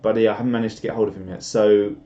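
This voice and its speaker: A man's voice: lowish voice, little pitch movement, racing, warm tone. Rambling young Englishman chatting on a stream. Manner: rambling and self-deprecating, with chuckles. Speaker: live stream host. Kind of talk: casual chat reading out viewer comments. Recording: roomy, slightly dull home stream audio.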